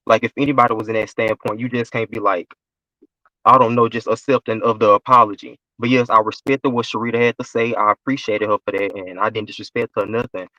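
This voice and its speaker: Man, low voice, stream guest defending himself, muffled and dry sound. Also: steady tone, fast talker, bright, forceful tone, no echo. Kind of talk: casual live stream panel talk.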